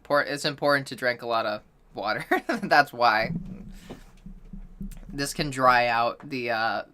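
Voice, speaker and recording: Casual, loose-talking woman streaming her voice practice, with a very deep, low voice. she has a tense, bright edge to it, swears freely and keeps saying sorry for being rusty. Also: a little slow. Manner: loose, chatty, swears casually, reads out chat; self-deprecating, apologetic about being out of practice. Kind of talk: casual livestream chat during voice training.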